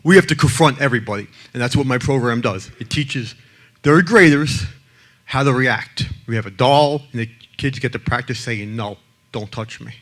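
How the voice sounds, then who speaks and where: A man's voice: medium pitch, moderate pace, fairly bright tone. Blunt, brash man telling stories. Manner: blunt and brash, acts out other people in his stories. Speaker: child abuse prevention advocate speaking to an audience. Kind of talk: blunt talk with joking stories.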